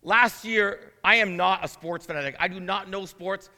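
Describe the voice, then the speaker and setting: In the reverberant church sanctuary, the interim pastor speaks at normal speed in a high, sharp voice. He reads scripture and talks in earnest asides that grow into emphatic proclamation.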